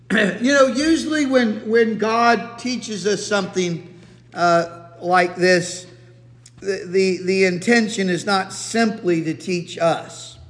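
A man giving a Bible teaching sermon in a relaxed, conversational way, full of restarts and asides. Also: high voice, slow. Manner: conversational, many restarts and fillers. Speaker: preacher. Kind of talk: expository sermon. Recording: echoey hall.

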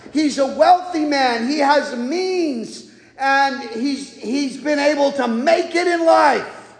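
A man preaching a sermon in a folksy, joking way, acting out the people he quotes. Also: extremely high pitch. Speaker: pastor. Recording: echoey hall with long reverb.

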